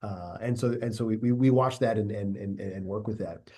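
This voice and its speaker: Measured husky-voiced male guest. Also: on the low side, dark tone. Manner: measured, reflective, tags sentences with "right?". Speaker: academy leader, podcast guest. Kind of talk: interview conversation.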